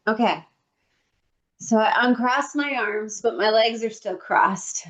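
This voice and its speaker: Higher-voiced woman telling a comic story. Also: measured pace, a bit bright, lo-fi sound. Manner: comic storytelling, acting out her own inner thoughts. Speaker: podcast co-host. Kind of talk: casual chat. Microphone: computer microphone on a video call.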